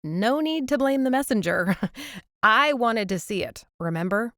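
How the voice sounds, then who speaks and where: A woman's voice: fairly high pitch, lively intonation, a little slow, a bit bright, no room sound, clean studio sound, voice pushed up. Woman narrator doing a teasing young American woman.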